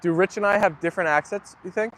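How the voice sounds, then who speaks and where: A young man with a voice a little higher than most men's hosts a relaxed livestream. He talks in an easy, chatty way, reads out viewer comments and agrees with them warmly. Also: fast talker. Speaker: livestream host. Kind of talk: casual chat reading viewer comments.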